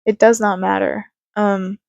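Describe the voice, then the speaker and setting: A woman's voice: mid-range voice, little pitch movement, measured pace, creaky, darkish tone, no room sound, highs cut off. A young woman talking casually to camera about life and faith, rambling with fillers and laughs, and a bit congested. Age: young adult. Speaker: vlogger. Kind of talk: casual reflective talk to camera.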